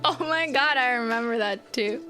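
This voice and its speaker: A woman's voice: a little high, moderate pace, over music. A woman in her late twenties opening fan mail on a live stream in casual, chatty talk, swearing freely and laughing often. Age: late 20s.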